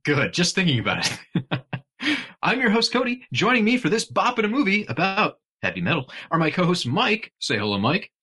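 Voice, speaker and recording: A male podcast host with a husky, bright voice chats casually through a movie commentary. He is jokey and giggly, and his pitch leaps around constantly. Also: very animated, normal speed.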